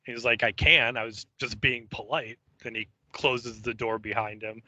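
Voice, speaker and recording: A man's voice: mid-range voice, steady tone, moderate pace, pushed and bright, no echo. A man co-hosting a podcast, chiming in casually with asides and his own take while recapping an episode. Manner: chatty, chiming in with asides and laughs. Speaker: podcast co-host. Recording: dull, muffled podcast mic.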